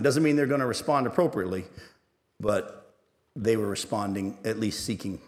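A man's voice: lowish voice, normal speed, a little mellow. A middle-aged pastor preaching a sermon in a church, telling a story earnestly and pressing his points with emphasis. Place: church sanctuary. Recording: echoey church hall.

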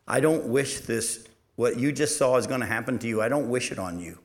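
A man preaching a sermon, reading scripture aloud and explaining it, who swings between loud emphasis and quiet asides and asks his listeners questions. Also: medium pitch, fairly quick.

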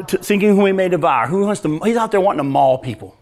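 A man preaching with a notably high-pitched voice. He tells lively stories, chuckles at his own jokes, and answers audience questions in a conversational way. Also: quick pace. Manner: animated, storytelling, laughs at own jokes. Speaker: pastor.

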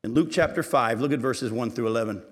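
A man's voice: quick pace, breathy edge. Man preaching in a reverberant hall. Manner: rises in pitch and volume when reading aloud, drops low and quiet when retelling; conversational asides and rhetorical questions to the congregation. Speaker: pastor. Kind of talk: sermon, reading scripture and explaining it.

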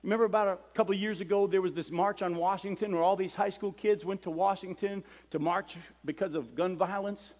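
A middle-aged man, a preacher, telling a story in a sermon and acting out the dialogue with lively energy. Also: high voice, brisk, few pauses. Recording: long hall reverb.

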